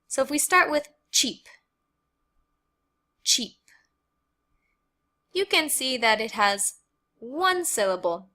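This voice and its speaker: Slow, bright-voiced American woman teacher. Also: sits high, very animated. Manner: slow, careful explaining, repeating words for learners. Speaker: English teacher. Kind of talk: grammar lesson.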